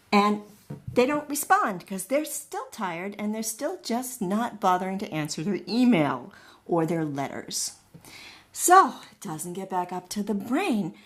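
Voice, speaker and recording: A middle-aged woman, a wellness educator, explains in a chatty lecture full of homely analogies and acts out small voices along the way. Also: lowish voice.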